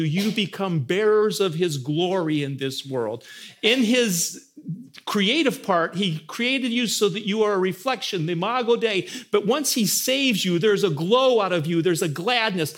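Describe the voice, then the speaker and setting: A middle-aged man preaching a sermon as a pastor, swinging between soaring, lifted lines and hushed, intimate ones. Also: high voice.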